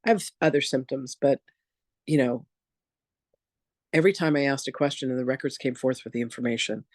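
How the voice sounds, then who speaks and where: A man and reverend teaching in an online masterclass, telling personal stories in a candid, animated, casual way. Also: medium pitch, fairly quick, dry recording, studio quality. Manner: animated, acts out quoted voices, casual and candid.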